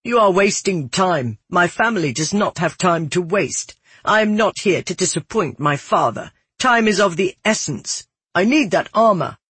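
A man's voice: high voice, lively intonation, moderate pace, a bit bright, husky, no echo, voice pushed up, heavily acted. A narrator voicing an arrogant young nobleman who sneers and threatens in a cold, menacing way. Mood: contemptuous.

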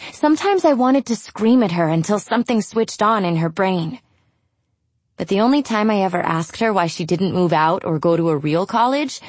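A woman's voice: medium pitch, darkish tone, dry recording. A woman reading a first-person novel aloud in a blunt, wry, exasperated voice. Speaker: audiobook narrator.

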